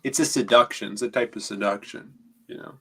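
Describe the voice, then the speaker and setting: A man's voice: fairly low pitch, fairly even intonation, a little fast, bright, forceful tone, husky. A man co-hosting a comics podcast, chatting casually and joking playfully. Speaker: podcast co-host. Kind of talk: casual chat.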